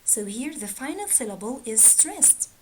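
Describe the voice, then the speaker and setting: A woman teaching a grammar lesson, reading out word pairs slowly and deliberately. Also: a little high, very animated, background noise. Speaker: English teacher.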